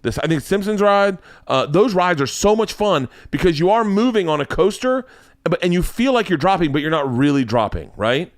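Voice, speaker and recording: A comedian in his forties telling a rambling story in a casual, excitable, profane way. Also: high voice, moderate pace, no room sound.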